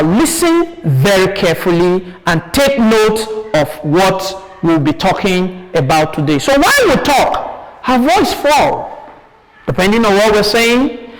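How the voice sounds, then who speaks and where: A Nigerian man teaching a primary school English lesson, asking questions and then answering them himself. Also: high-pitched. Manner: slow, drawn-out teacherly delivery. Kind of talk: classroom lesson. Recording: hall reverb.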